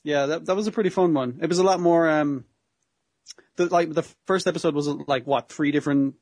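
A man with a husky voice, sitting a touch above the usual pitch for a man, chats loosely about a cartoon episode. He laughs often, swears casually, and restarts his sentences as he goes. The sound is dry and close. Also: steady tone, fairly quick, darkish tone, no echo. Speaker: podcast co-host. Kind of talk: casual anime recap chat.

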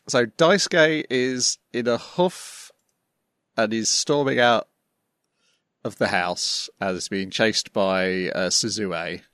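A man's voice: fairly low pitch, a bit bright, clear, resonant tone, dry recording, studio quality. A man summarizing an anime episode in casual chat, with frequent ums and restarts. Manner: summarizes plot with hesitant ums. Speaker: podcast host.

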